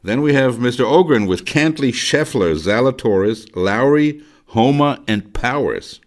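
Slow-talking man with a lively voice. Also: medium pitch. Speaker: panel member reading team lists. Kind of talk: casual chat.

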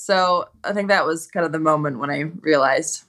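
A woman from Minnesota, a guest in an interview, telling stories in a relaxed way with lots of fillers. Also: low-pitched, moderate pace. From Minnesota, USA. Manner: relaxed storytelling with many "you know" fillers and quoted asides. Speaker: guest, retired ski racer. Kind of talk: casual interview chat.

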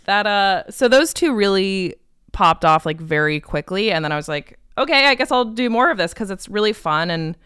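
A young woman, a comedian, chatting as an interview guest in a lively, laughing way. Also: mid-range voice, clean tone, no room sound, clean studio sound. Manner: chatty, laughing, quick asides. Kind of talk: casual interview chat.

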